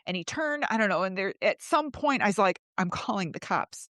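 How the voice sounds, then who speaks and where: A woman's voice: expressive, a little fast, a bit bright, dry recording, studio quality. Woman telling a raw personal story. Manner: emotional, swearing, reenacts her own pleas in a higher voice. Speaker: host.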